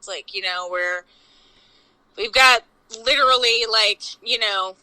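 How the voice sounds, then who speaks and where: A woman from Long Island, a chef and podcast guest, talking casually over a phone call in a chatty, animated way, full of "like" and casual swearing. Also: medium pitch, slow pace, dry recording. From Long Island, New York. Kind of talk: casual interview chat.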